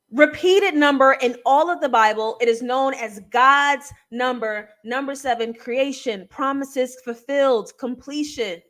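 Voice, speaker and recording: A young woman hosts a live recap show and breaks down a TV episode scene by scene. Her voice sits high, and she takes her time, leaning hard on key words with animated emphasis. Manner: animated, emphatic, laughing and near tears at times. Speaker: TV recap host.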